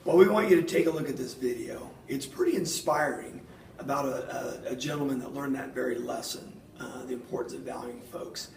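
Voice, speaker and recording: Male school staff presenter, encouraging, gravelly voice, distant and roomy. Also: mid-range voice, fairly quick, background noise. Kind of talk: school announcement. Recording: distant mic in an echoey room.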